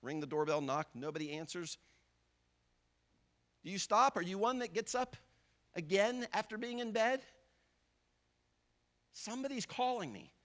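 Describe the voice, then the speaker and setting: Male pastor with a high voice, conversational sermon that acts out people's inner thoughts. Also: normal speed, long pauses, a bit bright. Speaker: visiting pastor.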